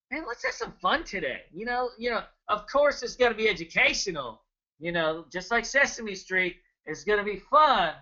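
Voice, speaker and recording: A man in his thirties hosting a trading webinar, energetic and joking, chatting casually and greeting viewers by name. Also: sits high, highs cut off. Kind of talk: casual live webinar talk.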